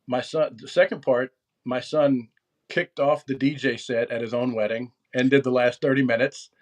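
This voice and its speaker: A man's voice: medium pitch, steady tone, moderate pace. A middle-aged American man, a podcast guest, talking casually and rambling with many restarts and fillers. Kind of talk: casual chat.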